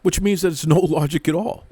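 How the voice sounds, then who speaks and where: A man's voice: fairly high pitch, dark tone, husky, no room sound. A man hosting a wrestling show, ranting with mock outrage and heavy sarcasm, often repeating words as he builds up. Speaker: wrestling commentary host. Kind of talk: sarcastic rant to camera.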